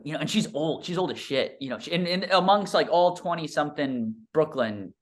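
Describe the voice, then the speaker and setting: A man's voice: fairly high pitch, lively intonation, fairly quick. A young man, a stand-up comedian, telling a story in a casual, rambling, self-deprecating way with lots of fillers. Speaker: stand-up comedian and podcast guest.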